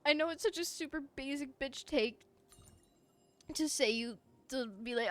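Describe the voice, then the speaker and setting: Woman streamer, high voice, casual and gushing, talks straight into a desk mic. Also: moderate pace, dry recording. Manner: excitable, gushing, laughs often. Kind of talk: casual live-stream chat while playing. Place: her room at home.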